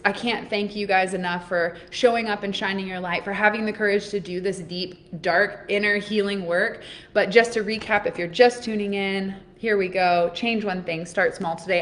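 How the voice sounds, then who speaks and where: A woman in her thirties hosting a live oracle card reading, talking straight to her viewers in an upbeat, encouraging way. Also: mid-range voice. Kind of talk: live-streamed motivational talk.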